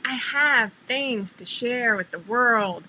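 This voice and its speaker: A woman's voice: on the high side, slow, sharp tone, slight background noise, poor audio. A middle-aged woman hosting a casual livestream, chatty and laughing often as she greets viewers by name over a computer mic. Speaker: livestream host.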